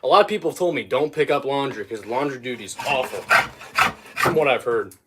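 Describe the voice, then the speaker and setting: Working while he livestreams, a young man rambles to his viewers and gets sidetracked easily. He talks briskly and expressively at a medium pitch, and the audio is very noisy.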